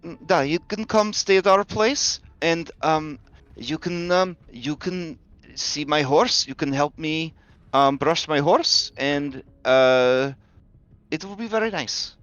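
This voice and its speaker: A gentle young woman coaxes softly in a raised, sweet voice, as a man puts her on. She speaks slowly and simply, almost childlike. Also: on the high side, no room sound, lo-fi sound, voice pushed up. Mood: coaxing.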